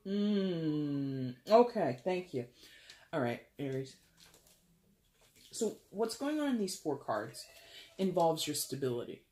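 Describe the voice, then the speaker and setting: Chatty, animated tarot reader. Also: medium pitch, slow, pauses often. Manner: chatty, animated, jokey, with bursts of laughter. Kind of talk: casual tarot reading.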